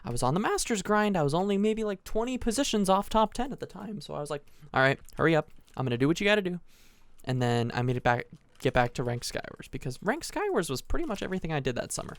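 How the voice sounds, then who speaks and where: A teenage boy telling a long, rambling story as casual commentary over a game he is playing, animated, restarting sentences and adding asides. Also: high-pitched, fast, no room sound. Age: teens. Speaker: gaming channel host.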